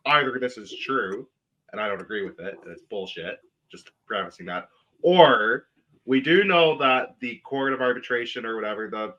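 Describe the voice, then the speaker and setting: Forceful-voiced man ranting on a podcast. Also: mid-range voice, expressive, moderate pace, highs cut off. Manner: blunt, opinionated, swears freely. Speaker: podcast co-host. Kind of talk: casual podcast chat.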